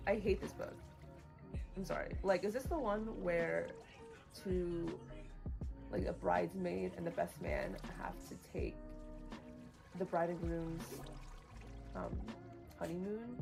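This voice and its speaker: A woman's voice: fairly low pitch, steady tone, measured pace, creaky, long pauses. A woman livestreaming, chatting casually about books she has read, bluntly opinionated and full of "like". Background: music playing.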